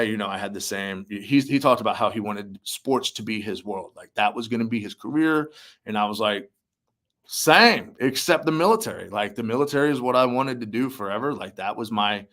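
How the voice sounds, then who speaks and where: A young man with a slightly low voice recounts meeting his heroes in a relaxed interview. He fills his talk with "like" and "um" and acts out the lines people said. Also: fairly quick. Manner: animated storyteller, acts out quotes, many fillers. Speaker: musician and army veteran guest. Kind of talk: casual interview storytelling.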